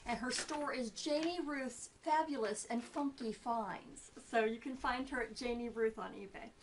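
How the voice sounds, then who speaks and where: A woman's voice: high-pitched, far from the mic, a little hiss or hum, rough recording. A woman hosting a casual show-and-tell, bubbly and enthusiastic, then reading a story aloud. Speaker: host.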